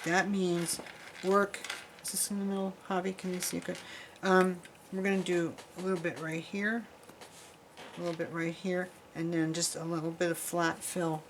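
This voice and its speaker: A woman's voice: fairly low pitch, noisy background. Chatty woman demonstrating jewelry crafts. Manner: chatty, rambling, talks while working with her hands. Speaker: jewelry-making instructor. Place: craft workshop.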